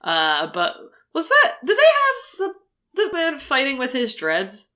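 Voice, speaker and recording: A woman's voice: sits high, huge pitch swings, a little slow, bright, forceful tone. A woman co-hosting a podcast in casual chat, rambling through fillers and laughing often. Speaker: podcast co-host.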